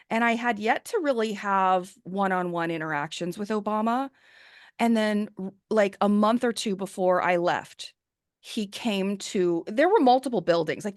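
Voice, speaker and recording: A woman guest in an interview, telling a personal story in a candid, animated way. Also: medium pitch, no room sound, studio quality.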